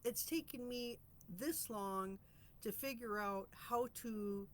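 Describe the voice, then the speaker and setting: A woman's voice: a little high, takes it slowly, slight background noise. Earnest woman sharing mindful musings. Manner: earnest, chatty, reflective. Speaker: host of a weekly reflection vlog. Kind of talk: casual spiritual self-help musing.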